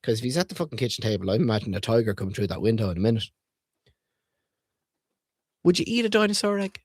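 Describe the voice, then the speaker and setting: Lively foul-mouthed man riffing on books. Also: medium pitch, fast, breathy edge, no echo, clean studio sound. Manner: profane, irreverent and jokey; asks the viewers questions. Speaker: streamer reviewing children's books. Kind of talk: casual comedic commentary reading aloud.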